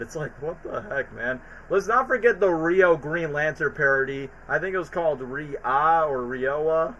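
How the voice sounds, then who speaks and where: An excitable man chats about cartoon parodies, often breaking into quick impressions of the characters. His voice is bright and pushed a little high, with a light hiss of noise in the background. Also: low-quality recording. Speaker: stream co-host. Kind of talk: casual chat, retelling cartoon parody scenes.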